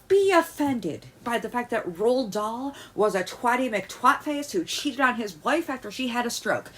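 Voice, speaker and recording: A woman vlogger ranting in heated commentary. She stammers through restarts and swings from loud outbursts to quiet muttering. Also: fairly high pitch, lively intonation, unhurried, hardly any pauses, husky. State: agitated.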